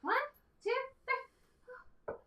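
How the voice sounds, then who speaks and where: A woman's voice: drawn-out words, dark tone. A woman with a playful, teasing manner, talking from away from the microphone.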